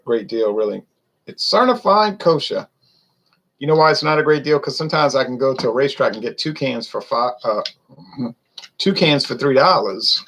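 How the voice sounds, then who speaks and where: A man's voice: mid-range voice, fairly bright tone, poor audio. A man, chatting loosely and rambling through a casual beer review. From Louisiana. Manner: rambling, chatty, wanders off topic.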